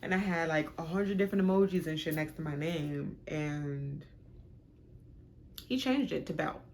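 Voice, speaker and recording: A young woman telling a storytime on her vlog, frank, animated and profane. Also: low voice, moderate pace, a little hiss or hum. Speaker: vlogger.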